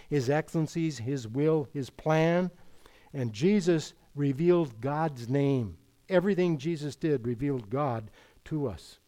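Fairly high in pitch yet darkish in tone, this male preacher delivers an expository sermon. He speaks emphatically, poses rhetorical questions, and cites scripture in King James language.

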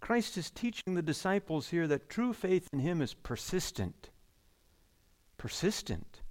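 High-voiced man preaching with emphasis. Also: big pitch swings, unhurried. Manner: emphatic, repeats key phrases, drops low and soft at phrase ends. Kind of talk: sermon.

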